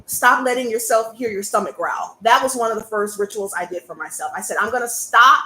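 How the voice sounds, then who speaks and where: A woman, a burlesque performer and coach talking live to her audience in a sassy, animated way. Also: fairly high pitch, a little fast, reverberant, a little hiss or hum, poor audio. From American South. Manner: sassy and animated, calls out to listeners. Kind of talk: live-stream talk to an audience.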